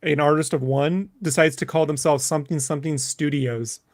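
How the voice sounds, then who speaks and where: A man's voice: on the high side, steady tone, brisk, no echo, studio quality. A man co-hosting a casual podcast, blunt and sardonic, swearing freely. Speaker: podcast co-host, artist. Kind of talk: casual chat.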